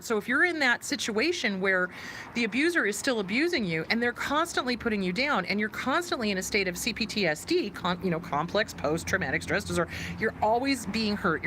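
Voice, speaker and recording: A woman therapist hosting a live stream, giving emphatic, animated advice on anger and reading out viewer questions. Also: medium pitch, slight background noise.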